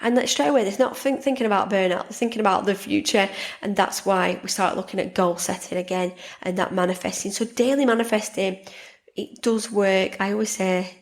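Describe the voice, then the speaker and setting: A woman hosting a podcast, talking casually and warmly about her own life, often repeating words and restarting sentences. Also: mid-range voice, fairly even intonation, brisk. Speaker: podcast host and life coach. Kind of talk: casual monologue.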